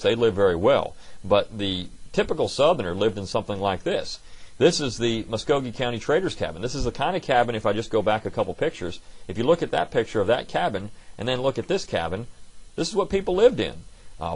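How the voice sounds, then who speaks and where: A man's voice: on the low side, very animated, brisk, slightly rough. A man giving a recorded college history lecture in a conversational way, with frequent fillers and restarts. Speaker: history instructor.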